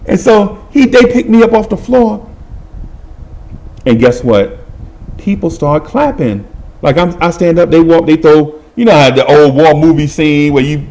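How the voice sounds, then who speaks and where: Animated middle-aged man telling a story. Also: a little high. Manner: animated, laughing, acts out voices, colloquial. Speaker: podcast host. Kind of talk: comic storytelling.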